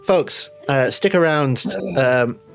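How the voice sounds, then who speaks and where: A man's voice: medium pitch, slow pace, smooth, faint music behind. Chatty laughing game master man. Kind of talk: running a tabletop game.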